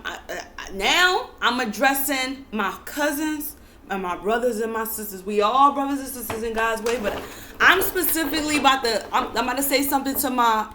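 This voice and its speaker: A young American woman giving an emphatic, repetitive monologue to camera, often building to near-yelling. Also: on the high side, normal speed, noisy background. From United States. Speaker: spiritual vlogger.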